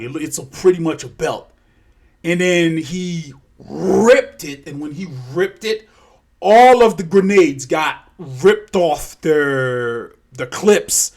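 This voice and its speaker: Rambling, profane male storyteller. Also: on the high side. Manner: profane, rambling, self-correcting. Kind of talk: casual spoken storytelling.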